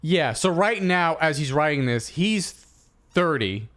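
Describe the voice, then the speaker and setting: Guy in his 30s on a comedy podcast, kinda high voice that jumps all over, animated storyteller. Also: unhurried. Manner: animated storyteller, acts out quotes. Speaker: podcast co-host. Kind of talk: casual comedic chat.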